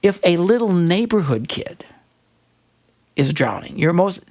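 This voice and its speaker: An older man hosting a radio talk show, in casual studio chat, delivering exasperated, animated rants broken by laughter. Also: high-pitched, measured pace.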